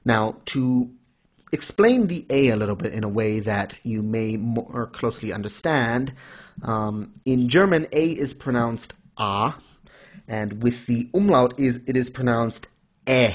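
Casual male co-host with a middle-pitched voice who lectures in a playful, mock-formal tone. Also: lively intonation, measured pace. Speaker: podcast co-host. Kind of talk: casual anime discussion.

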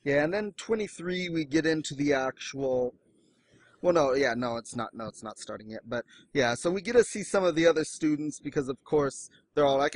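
A man chatting casually about manga as a podcast co-host, animated and breaking into exaggerated high voices when he quotes someone. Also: moderate pace.

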